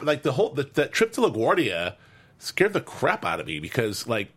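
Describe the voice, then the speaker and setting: A man from Los Angeles co-hosting a casual chat about a TV show, telling stories in a rambling, animated way with lots of restarts. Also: medium pitch, moderate pace, breathy edge. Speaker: co-host.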